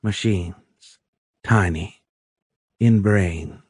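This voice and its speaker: A man's voice: low-pitched, drawn-out words, slightly rough, no echo, studio quality, heavily acted. Man voicing a stilted alien in a woman's form. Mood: calm, stilted. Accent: strange foreign lilt. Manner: broken, mechanical sing-song speech.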